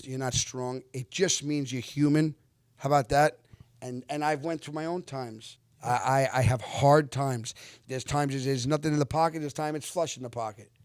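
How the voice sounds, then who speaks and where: Man, 50s, actor guest, animated and earnest storyteller, slightly high voice, dry close-mic sound. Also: no echo. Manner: animated, lively retelling with acted-out quotes; earnest, reflective when giving life lessons. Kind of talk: casual storytelling interview.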